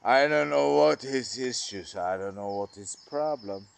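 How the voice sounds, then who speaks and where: A man in a halting, emotional monologue to camera, often trailing off mid-sentence. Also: medium pitch, creaky, smooth. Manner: halting, trailing off, addressing a lost brother. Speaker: vlogger.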